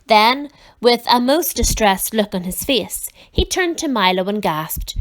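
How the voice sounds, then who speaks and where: A woman reading a children's book aloud in a gentle, teacherly way that speaks to the children listening. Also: on the high side, expressive, measured pace, hardly any pauses. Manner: warm teacherly address to children. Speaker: children's story reader.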